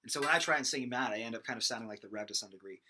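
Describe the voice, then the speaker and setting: Racing along in a bright, forceful, medium-pitched voice, a young man teaches a casual singing lesson, demonstrating by singing and rambling through fillers and restarts.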